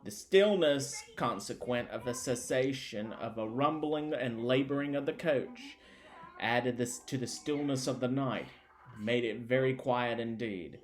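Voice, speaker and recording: A man reading a classic novel aloud as an audiobook narrator, measured and unhurried. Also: medium pitch. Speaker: audiobook reader.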